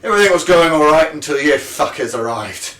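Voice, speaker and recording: A man voicing a furious, foul-mouthed guard captain who barks clipped orders and shouts at his men. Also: on the high side, lively intonation, brisk, reverberant. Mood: grudging, stern.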